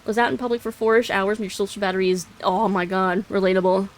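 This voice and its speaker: A young woman streams a video game, chatting loosely and giggling as she trails off and corrects herself mid-thought. Her voice sits at an ordinary pitch, with light music playing behind her. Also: little pitch movement, fast talker. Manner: rambling, giggly, self-correcting. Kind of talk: casual gaming commentary.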